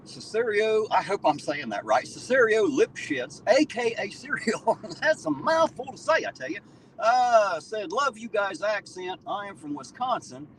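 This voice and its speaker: A man with a southern Ohio accent hosting a casual live stream from his car, loud and joking, reading out chat and swearing freely. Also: high voice, sing-song, a little slow, slight background noise, rough recording. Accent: southern Ohio, Appalachian-tinged. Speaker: livestream host. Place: in a car at night.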